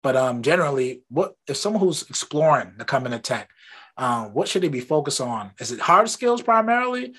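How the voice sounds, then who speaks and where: A man hosting an interview from his home office, talking in a relaxed, rambling way about his own habits. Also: mid-range voice, fairly quick, slightly rough. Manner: relaxed and talkative, rambling anecdotes. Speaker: podcast host. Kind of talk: casual interview chat.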